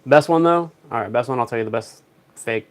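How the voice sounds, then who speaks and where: A young man chats casually on a livestream. He rambles through stories with dry, jokey asides. His voice sits at an ordinary middle pitch. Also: fairly quick. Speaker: live streamer.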